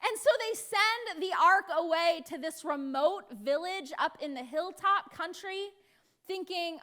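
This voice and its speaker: A woman's voice: very high voice, measured pace, pushed and bright. An American woman pastor preaching a sermon in a playful way, acting out voices now and then. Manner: playful, acts out voices with laughs.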